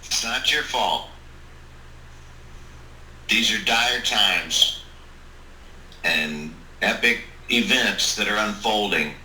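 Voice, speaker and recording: Man voicing a grave, calm woman adventurer. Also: on the low side, extremely slow, long pauses, full character voice. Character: calm solemn woman Vanessa, a fellow adventurer. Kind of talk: tabletop role-play. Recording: roomy, distant mic, faint hiss.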